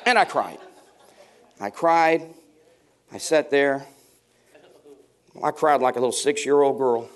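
A pastor in his fifties takes his sermon slowly, pausing often, in a mid-range voice. Preaching to his congregation in church, he tells humorous stories and banters with people seated in the pews.

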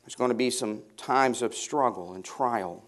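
Speaking at a measured pace in a mid-range voice, this fifties-aged pastor delivers a sermon before his church congregation. He's humorous and full of stories, trading banter with the folks in the pews.

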